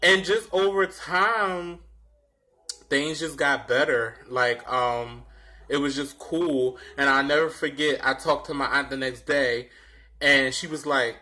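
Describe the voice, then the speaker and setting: A young man casually telling a personal story in a dramatic, animated way, swearing freely. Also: mid-range voice, slow pace. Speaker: vlogger.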